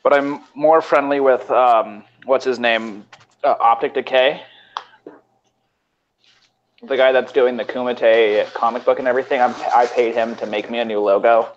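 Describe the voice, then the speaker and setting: A man's voice: mid-range voice, steady tone, normal speed. A young man from California chatting casually and crudely, talking in loose rambling sentences with frequent restarts. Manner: laid-back, rambling, stammering restarts. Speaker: podcast co-host. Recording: lo-fi voice call with faint noise.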